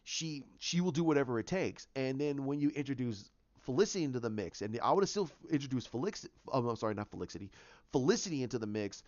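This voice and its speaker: A man's voice: medium pitch, no room sound. Man, fan commentary, rambling delivery, dry muffled home recording. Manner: rambling, many restarts and fillers. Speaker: fan show host. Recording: dull, lo-fi sound.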